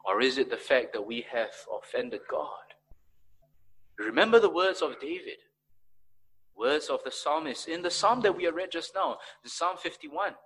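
A man preaching a sermon as pastor, swinging between emphatic raised peaks and quiet, low passages. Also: animated, normal speed, slightly rough, poor audio.

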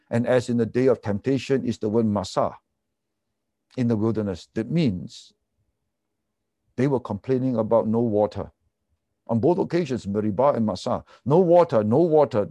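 Male pastor, warm mellow voice, dry close recording, earnest sermon delivery. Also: mid-range voice, moderate pace, dry recording. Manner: earnest preaching, swings from emphatic to hushed.

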